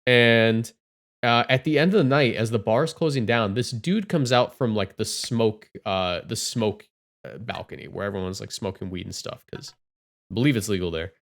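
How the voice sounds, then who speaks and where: A man co-hosting a casual podcast chat, telling stories with loud acted-out quotes. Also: fairly low pitch, moderate pace, gravelly. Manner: animated storyteller, acts out quotes loudly. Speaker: podcast co-host.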